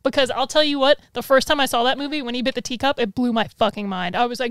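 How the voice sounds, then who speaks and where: Animated woman podcast co-host, higher voice. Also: fast, hardly any pauses, clear, resonant tone, dry recording. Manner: animated, laughing, swearing freely. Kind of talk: casual chat.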